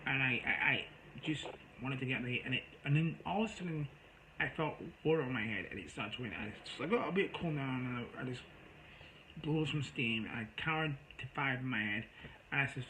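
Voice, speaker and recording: A man's voice: medium pitch, a little fast, background noise. A man telling a rambling, exasperated story in a casual monologue to his viewers. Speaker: storyteller vlogger.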